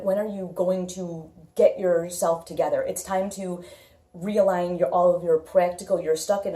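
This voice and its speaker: A woman talks through a tarot reading in a loose, blunt way, circling back on her words and filling pauses as she thinks. Her voice sits low and mellow. The room around her echoes. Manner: blunt, repetitive, thinks aloud with many fillers. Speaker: tarot reader. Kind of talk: casual tarot reading monologue.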